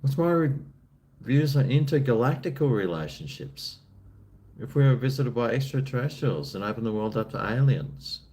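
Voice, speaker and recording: A man's voice: medium pitch, expressive, normal speed, dark tone. An Australian man chatting casually on a live stream, answering chat in a laid-back, rambling, jokey way.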